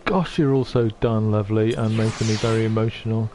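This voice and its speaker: A middle-aged man chatting on a livestream, soft-spoken and halting, often moved. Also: lowish voice, fairly even intonation, slight background noise. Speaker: streamer. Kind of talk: casual livestream chat.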